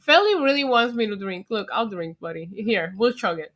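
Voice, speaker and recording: Tipsy new york girl streaming, kinda high bright voice, laughs a lot, chatty. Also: animated, normal speed. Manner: tipsy, laughing, chatty, reads chat aloud. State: drunk. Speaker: livestream host. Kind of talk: casual livestream chat.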